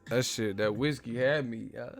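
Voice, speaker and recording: A man hosting a boxing live stream in casual chat, animated, swearing freely and laughing a lot. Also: mid-range voice, normal speed, faint music behind.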